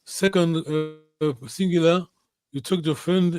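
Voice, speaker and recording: A man's voice: a little high, fairly even intonation, slow pace, darkish tone, faint music behind. A man teaching a language class over a video call, patiently correcting students and often checking in with "yes?". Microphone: computer on a video call.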